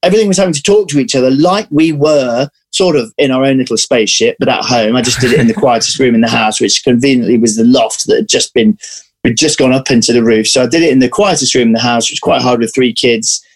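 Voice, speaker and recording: A man, an actor, chatting in an interview, telling lively stories and restarting his sentences often. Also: medium pitch, fast. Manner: animated storyteller, restarts often. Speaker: actor guest. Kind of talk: casual interview chat.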